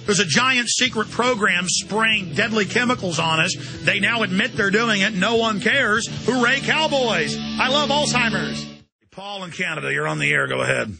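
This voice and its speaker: A man hosting a call-in radio show, ranting forcefully at his callers from a studio microphone. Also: high voice, moderate pace, creaky, hardly any pauses, over music. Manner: forceful, ranting, mocks others in put-on voices. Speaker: radio talk show host.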